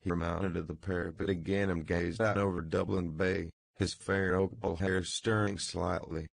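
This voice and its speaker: A man narrating a classic novel as an audiobook, in a measured reading. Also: sits low, flat delivery, vocal fry, dry recording.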